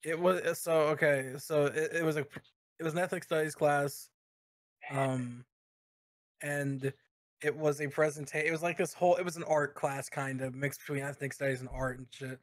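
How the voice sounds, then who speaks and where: A young man co-hosting a podcast, telling a story in casual, crude talk with halting restarts. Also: a little high, fairly even intonation, dry recording. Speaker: podcast co-host.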